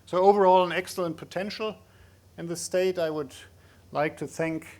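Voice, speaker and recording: A man making unscripted closing remarks at a conference, halting with frequent filler pauses. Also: sits high, fairly even intonation, a little mellow. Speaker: conference speaker.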